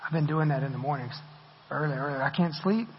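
In a church sanctuary, a preacher delivers a conversational, self-deprecating sermon and laughs often, his male voice fairly high, fast and slightly rough. The audio is muffled, with long hall reverb.

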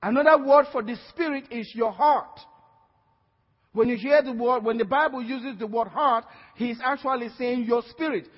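High-voiced Nigerian pastor preaching in a hall. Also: male voice, normal speed. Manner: emphatic preaching with call-and-response amens. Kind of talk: sermon. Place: church hall. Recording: dull lo-fi sound with long hall reverb.

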